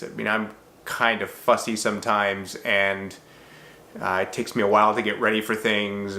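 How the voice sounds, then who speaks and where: Bright-toned man chatting casually in a vlog. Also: fairly low pitch. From Czechoslovakia. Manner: thoughtful, a little self-deprecating, with frequent fillers and restarts. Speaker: YouTube creator answering viewer questions.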